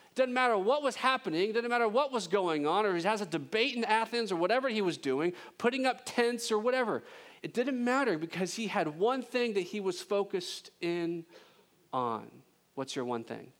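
Emphatic male pastor preaching. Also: high voice. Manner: emphatic, swings from loud intensity to hushed; conversational with jokes and laughter. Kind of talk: sermon.

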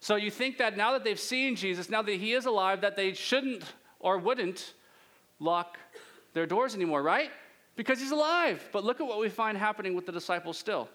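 High-voiced male pastor, casual preaching style, asks the room questions and lingers on words. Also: expressive, a bit bright. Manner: conversational, rhetorical questions, drawn-out pauses. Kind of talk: sermon.

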